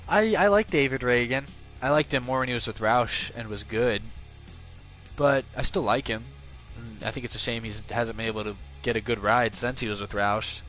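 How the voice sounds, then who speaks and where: A man's voice: normal speed, faint music behind. A man streaming a racing game live, chatting casually with viewers and joking at his own expense. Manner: chatty and self-mocking, yelps high with excitement during racing.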